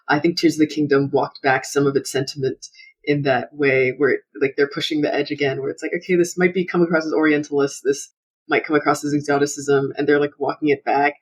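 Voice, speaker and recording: A man speaking as a guest on a casual podcast, animated and laughing often between quick asides. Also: on the high side.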